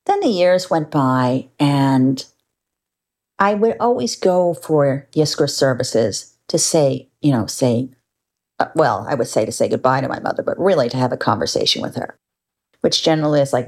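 A woman's voice: very deep voice, expressive, normal speed, a little mellow. An older woman telling a personal story in a wry, candid, conversational way, with mild profanity.

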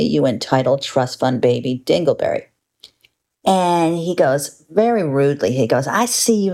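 A woman's voice: low voice, vocal fry, a little mellow. An older woman telling a personal story in a wry, candid, conversational way, with mild profanity.

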